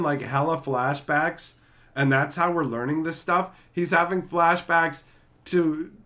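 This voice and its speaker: A man on a casual stream, ranting and acting out scenes, swearing freely and laughing as he tells it. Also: a little high. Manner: animated, acts out scenes in put-on voices.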